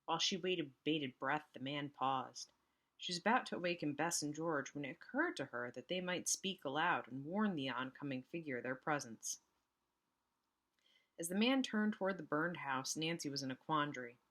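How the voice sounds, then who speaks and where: Low-voiced woman reading a story aloud. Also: normal speed. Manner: expressive reading with casual asides. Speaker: teacher reading aloud to students.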